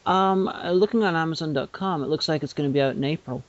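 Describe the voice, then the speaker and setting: A man's voice: on the high side, quick pace. A man from the United Kingdom co-hosting a podcast in casual chat, hesitant and given to restarts and casual swearing. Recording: dull lo-fi podcast audio.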